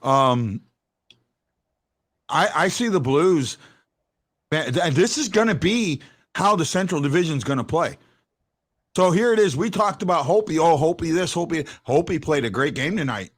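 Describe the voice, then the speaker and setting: A man's voice: a little high, lively intonation, normal speed, long pauses. A man hosting a casual postgame sports talk show, often restarting his sentences and stressing his points hard. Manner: stammering restarts, emphatic when arguing a point.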